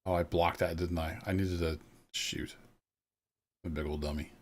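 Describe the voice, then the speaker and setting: Low-voiced male game streamer with an easygoing, chatty manner who talks viewers through his play. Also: steady tone, moderate pace, husky. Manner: easygoing, self-deprecating, thinks aloud to viewers. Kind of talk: casual live gameplay commentary.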